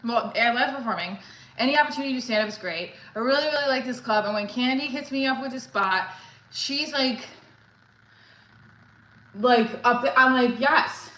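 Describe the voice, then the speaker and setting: A woman stand-up comedian chatting casually on a livestream, excitable and swearing freely. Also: fairly high pitch, normal speed, roomy sound, low-quality recording.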